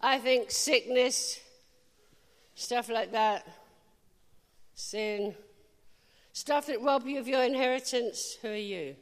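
A woman preaching a sermon, telling a personal story with lively, animated delivery and bursts of laughter. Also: fairly high pitch, takes it slowly, long pauses, in a large hall.

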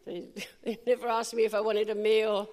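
A woman preaching a sermon, telling a personal story with lively, animated delivery and bursts of laughter. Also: mid-range voice, normal speed, in a large hall.

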